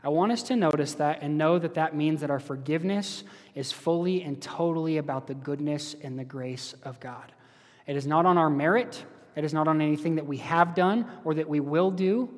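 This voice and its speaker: Earnest preacher in a reverberant hall. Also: male voice, fairly high pitch, normal speed. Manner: earnest, conversational with direct questions to listeners. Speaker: pastor. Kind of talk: sermon. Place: church hall. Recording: echoey hall.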